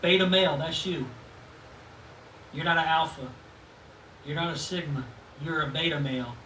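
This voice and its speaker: A man in his thirties hosts a profane, taunting rant aimed at a rival, with mocking laughs. His voice sits high and bright. He is recorded from a distance in a roomy, echoing space with faint background noise. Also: steady tone, moderate pace. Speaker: channel host. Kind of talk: ranting video reply.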